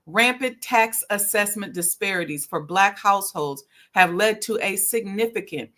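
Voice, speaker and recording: A woman's voice: mid-range voice, lively intonation, moderate pace, a bit bright. A middle-aged woman hosting a talk show on history, speaking in a casual, preachy teaching manner with slang and frequent laughs. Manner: conversational, preachy, laughs often, slips into slang. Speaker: historic preservation consultant and channel host.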